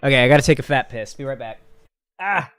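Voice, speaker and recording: A man's voice: mid-range voice, expressive, fast talker, a bit bright, clean tone. A young man streaming casual political commentary, rambling and crude, from a cramped home setup.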